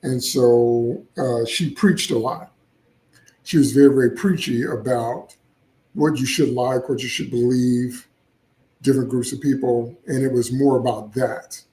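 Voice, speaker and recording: A man's voice: medium pitch, fairly even intonation, a little slow, mellow, echoey room, low-quality recording. A man hosting casual solo commentary, opinionated and chatty with frequent asides. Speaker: comics channel host.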